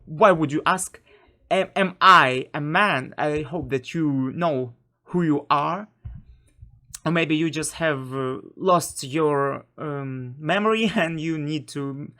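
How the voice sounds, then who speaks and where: Slow-speaking Ukrainian-accented woman teacher. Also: low voice. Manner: hesitant, many fillers and self-corrections, light laughs. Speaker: language teacher. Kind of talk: online language lesson.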